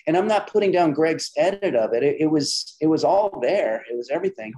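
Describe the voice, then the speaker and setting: Middle-aged man telling lively anecdotes. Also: mid-range voice, moderate pace, hardly any pauses, low-quality recording. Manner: animated anecdotes with quoted dialogue and frequent restarts. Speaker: interview guest, comedian and filmmaker. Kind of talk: casual conversational storytelling.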